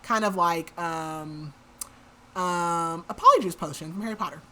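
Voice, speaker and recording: A woman's voice: on the low side, unhurried, bright, forceful tone. A woman hosting a podcast, recapping a book in a casual, chatty way and saying "like" a lot. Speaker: podcast host.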